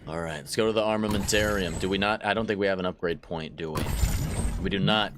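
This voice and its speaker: A man's voice: low-pitched, fast talker, background noise. A man giving casual let's-play commentary while gaming, chatty, laughing often and repeating words as he goes. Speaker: gaming YouTuber.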